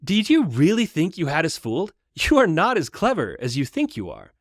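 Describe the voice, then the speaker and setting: A man's voice: fairly high pitch, wildly swooping pitch, normal speed, dry recording, studio quality, voice pushed up, full character voice. A man voicing a cheeky, eager young male hobbit in a storybook retelling, teasing and insistent.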